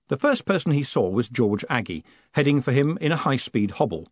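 A man narrating an audiobook in an expressive, wry, dramatic reading, recorded dry and slightly muffled. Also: medium pitch, fairly quick, no echo.

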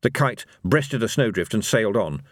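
A man narrating an audiobook in a lively, expressive reading. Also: lowish voice, moderate pace, no room sound, clean studio sound.

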